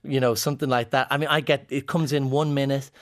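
This Irish-accented comedian from Ireland talks fast in a steady, mid-range voice. As an interview guest, he chats casually and tells playful, joking stories.

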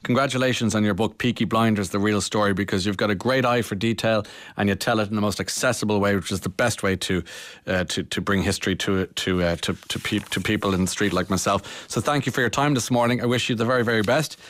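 A man's voice: fairly low pitch, fairly even intonation, quick pace, fairly bright tone, no echo. A man with an Irish accent, hosting a radio interview in a chatty, hesitant way with many fillers. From Ireland. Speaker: radio host.

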